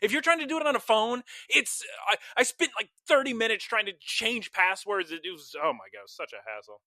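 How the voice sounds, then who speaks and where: A man's voice: high voice, lively intonation, brisk, pushed and bright, dry recording. Young male podcast co-host, chatty storyteller, dry close sound. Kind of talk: casual chat.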